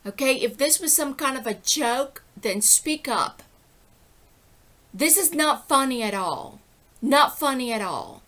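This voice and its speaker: A woman's voice: sits high, expressive, measured pace, a bit bright. A middle-aged woman giving an impassioned, rambling personal monologue, indignant and often breaking off to ask "okay?". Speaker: vlogger.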